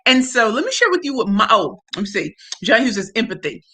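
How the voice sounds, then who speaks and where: A woman hosting a casual livestream, talking in an effusive, slangy way. Her voice is bright, a little higher than most women's, and has a forceful edge. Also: very animated, fairly quick. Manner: effusive, greets viewers by name and reads comments aloud; slangy and emphatic. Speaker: livestream host.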